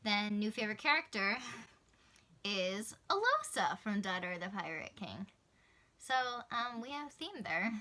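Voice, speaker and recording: A young woman talks to camera in a bright, clear voice. She chats casually and gushes with enthusiasm, laughing easily as she goes. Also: medium pitch, big pitch swings, a little slow. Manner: chatty, gushing, laughs easily. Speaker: book vlogger. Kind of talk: casual book talk to camera.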